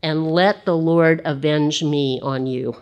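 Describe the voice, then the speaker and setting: A woman's voice: low voice, steady tone, slow, a little mellow, muffled recording. A woman reading as an earnest young warrior. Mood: pleading. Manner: earnest, emphatic scripture reading. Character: young male warrior pleading with a king.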